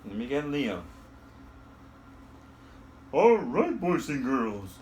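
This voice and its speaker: A man gently coaxes children through yoga poses, talking straight to them at an unhurried pace. His voice swoops widely between low and high, with soft breathing cues between the poses. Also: big pitch swings, a little hiss or hum. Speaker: children's yoga story reader.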